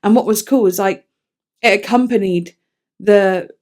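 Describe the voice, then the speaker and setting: A woman's voice: mid-range voice, measured pace. Chatty woman reviewing songs. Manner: chatty, enthusiastic, self-deprecating, trails into soft asides. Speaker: music reviewer. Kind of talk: casual song review vlog.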